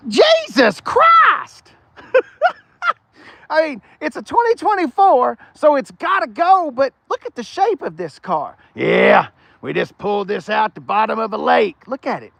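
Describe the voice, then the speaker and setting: A man's voice: high voice, creaky, no room sound. A man, hosting a rambling live-streamed car walkaround, chatting with viewers as he goes. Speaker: car show host. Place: outdoors on a car lot. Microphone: phone front camera.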